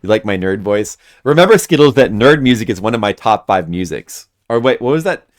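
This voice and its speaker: A man's voice: fairly low pitch, lively intonation, brisk. A man streaming a video game, chatting casually and making goofy jokes to his viewers. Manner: goofy, jokey, laughs often. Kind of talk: casual joking commentary over gameplay.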